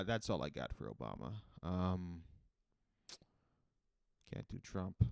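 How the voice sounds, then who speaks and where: Deadpan male comedy host, low voice, dry room, rambling delivery. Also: measured pace, creaky, pauses often, clear, resonant tone, no echo. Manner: deadpan, rambling, full of ums and restarts. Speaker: podcast host.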